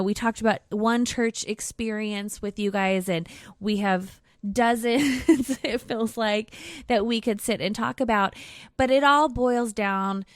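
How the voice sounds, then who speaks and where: A woman's voice: medium pitch, no room sound. Earnest woman podcast co-host, dry close mic. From Southern California. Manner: earnest, encouraging, slows down on key words. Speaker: podcast co-host, ministry leader. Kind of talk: casual podcast conversation.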